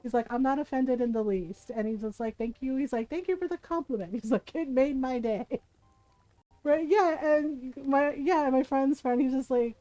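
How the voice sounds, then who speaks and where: A woman's voice: high voice, steady tone, normal speed, dark tone, no echo, low-quality recording. A middle-aged woman streaming, telling stories in casual chat and laughing often as she talks. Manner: chatty storyteller, laughs often.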